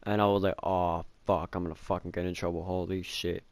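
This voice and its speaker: A man's voice: low-pitched, flat delivery, brisk, dry recording. Rambling young man telling a story. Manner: rambling, lots of filler words and swearing; self-mocking. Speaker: vlogger. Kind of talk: casual storytime.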